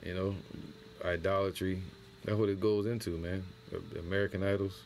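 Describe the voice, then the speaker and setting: A man with a very deep voice leads an impromptu scripture lesson. He reads the verses slowly and deliberately, then breaks into loose, slangy commentary. A faint hiss sits under the recording. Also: level tone. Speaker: teacher of a religious camp.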